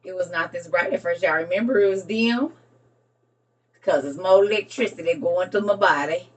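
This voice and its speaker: A woman, chatting casually with her live stream viewers and talking to them as y'all. She gets excitable, breaks into laughter and has a young son. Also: fairly low pitch, moderate pace, recorded from a distance, dull audio. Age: adult with a young son.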